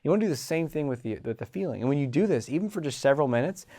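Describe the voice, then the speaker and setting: A man hosting a self-help show about confidence, talking in an animated way and acting out inner voices. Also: a little high, very fast. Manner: animated, acts out inner voices, frequent restarts. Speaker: host and confidence coach. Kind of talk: motivational self-help talk.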